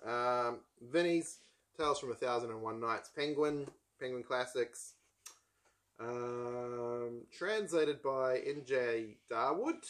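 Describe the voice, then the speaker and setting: A man's voice: mid-range voice, fairly bright tone. A man from New Zealand with a New Zealand accent, hosting a casual book chat in a rambling, wry way, full of ums and asides. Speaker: book channel host.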